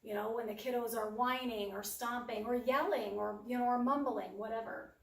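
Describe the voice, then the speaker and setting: A woman presents a parenting workshop in a practical, down-to-earth way and briefly acts out the parent's side of each example. Her voice sits a little high for a woman. She sounds distant from the mic, and the room echoes noticeably. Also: fairly even intonation, normal speed, gravelly.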